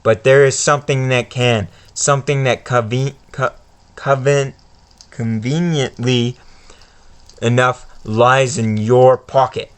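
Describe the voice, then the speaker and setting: A man doing a slow, menacing dark wizard villain. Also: medium pitch, fairly even intonation, smooth, lightly acted. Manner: reads game dialogue aloud slowly.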